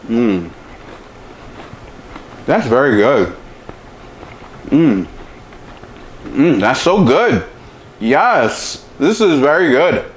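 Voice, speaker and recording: Slow-talking chef savoring his food. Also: medium pitch, slight background noise. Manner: talks with mouth full, lots of savoring hums; slow, relaxed delivery. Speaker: chef, cooking show host. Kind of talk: casual cooking demo and taste test.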